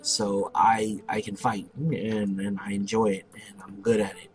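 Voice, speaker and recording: A young man narrating his online game play, telling a loud, profane story about a fight. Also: fairly low pitch, little pitch movement, a little slow, soft background music. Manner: brash, profane, boastful storyteller. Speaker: gameplay commentator. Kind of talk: casual let's play storytelling.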